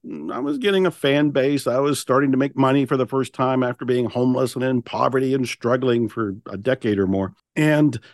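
An older man tells stories on a podcast. His pitch climbs and dips as he acts out his own self-talk and presses on key words. The sound is close and dry. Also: fairly quick, few pauses, dry recording. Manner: animated, emphatic, quotes his own inner voice. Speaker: podcast guest, author and speaker. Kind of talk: storytelling in a conversational interview.

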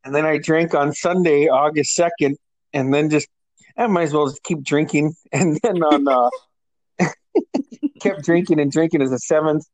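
A man's voice: fairly high pitch, fairly even intonation, moderate pace, no room sound, low-quality recording. A man in his forties from Alaska, telling a funny swear-laced story in a casual chat and laughing often as he goes. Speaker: podcast co-host.

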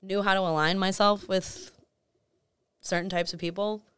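A woman in her thirties, a DJ talking as a guest on a podcast, animated and outspoken, swearing freely and peppering her talk with "like". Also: mid-range voice, clear, resonant tone, dry recording. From Boston area scene. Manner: animated, swearing, talks in rushes with many "like"s. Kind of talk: casual podcast conversation.

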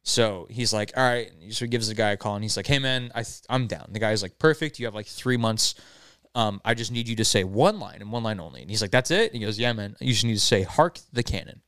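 A man's voice: on the low side, fast, smooth, dry recording, clean studio sound. A young man, podcast host, telling a story in casual chat and acting out the characters' lines. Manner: animated, acts out the characters' lines.

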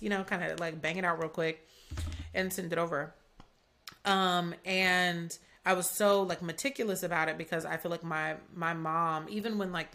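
A young woman hosting a podcast from Atlanta, USA, talks in a low-leaning, creaky, somewhat bright voice. Her manner is chatty and candid, with "like" sprinkled everywhere.

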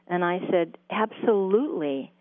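A woman interviewed as a guest, telling a long story about her spiritual channeling in a halting way, with many fillers and restarts. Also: lowish voice, no room sound. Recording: phone-like line with a dry sound.

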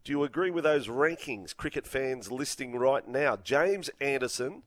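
A man's voice: mid-range voice, expressive, moderate pace, fairly bright tone, no echo. A male Australian sports radio co-host, opinionated and blunt, who gets fired up as he argues his point in a studio. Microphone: studio microphone.

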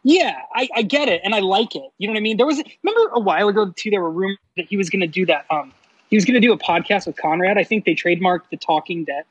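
A man co-hosting a casual wrestling podcast, talking in a lively way, laughing often and mimicking announcers. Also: high-pitched, fast talker, slightly rough, no echo, rough recording. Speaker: podcast co-host. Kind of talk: casual chat.

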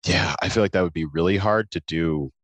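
A male podcast host with an extremely deep, low voice, chatting casually with his guest. His humor runs dry and sarcastic. The recording is dry and close, with no room sound. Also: brisk, no echo. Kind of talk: casual conversational interview.

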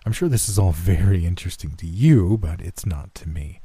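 A man voicing a cold, menacing middle-aged doctor in a horror story reading, sneering and dismissive, often low and hushed. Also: animated, a little fast, husky, no room sound, exaggerated voice.

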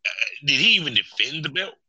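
Bright-voiced man in a dry room. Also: fairly high pitch, sing-song, fairly quick, breathy edge, no echo, dull audio. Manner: hesitant, filler-heavy, asks his co-host questions. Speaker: podcast co-host. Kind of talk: casual wrestling chat.

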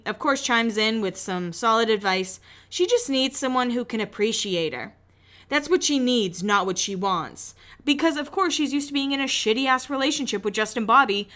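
Bright-voiced chatty woman podcaster. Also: medium pitch. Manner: chatty, opinionated, swears casually. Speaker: podcast host. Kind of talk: casual episode recap.

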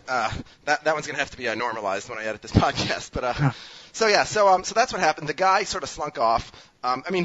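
A man from Minnesota with a New York accent, hosting a podcast and telling a story in an animated, self-mocking way, with quick restarts. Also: medium pitch, no echo. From Minnesota, USA. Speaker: podcast host. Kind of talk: casual storytelling chat. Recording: dry, slightly muffled sound.

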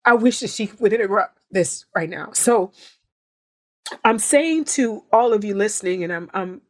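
A woman with an expressive, medium-pitched voice talks at a normal speed as a guest actress on a podcast. She speaks earnestly and from the heart, repeating phrases to drive her points home.

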